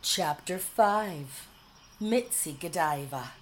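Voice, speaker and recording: A woman narrating a whimsical storybook in a measured, dryly humorous way. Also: fairly low pitch, slight background noise, rough recording.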